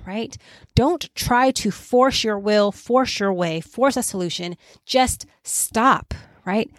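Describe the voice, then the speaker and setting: A woman teaching a relaxed Bible study, talking conversationally with frequent "right?" asides and lively quoting. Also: medium pitch, no echo. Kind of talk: casual Bible study talk.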